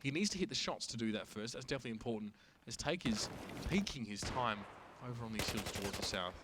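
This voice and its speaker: A man giving colour commentary on an esports match, analysing strategy in a chatty way and getting louder when the plays heat up. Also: medium pitch, lively intonation, fast, background noise. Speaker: esports caster.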